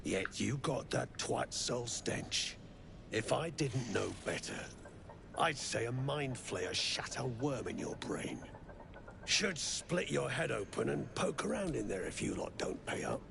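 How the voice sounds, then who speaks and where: An actor playing a gruff, greedy mercenary who talks in coarse, threatening slang. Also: male voice, mid-range voice, big pitch swings, measured pace, background noise, exaggerated voice. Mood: menacing.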